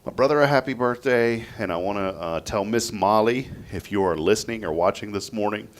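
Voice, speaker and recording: A man's voice: on the low side, fairly quick, a little hiss or hum. A man hosting a morning radio show, chatting in an upbeat, rambling way. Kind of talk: casual radio chat.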